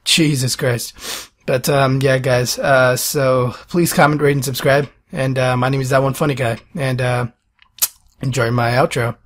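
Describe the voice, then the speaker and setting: A man's voice: mid-range voice, fairly even intonation, measured pace, fairly bright tone. A young man playing a horror game, commenting as he goes, panicking, swearing and begging to be left alone. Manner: panicky, swearing, pleading with the monster. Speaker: gaming channel host.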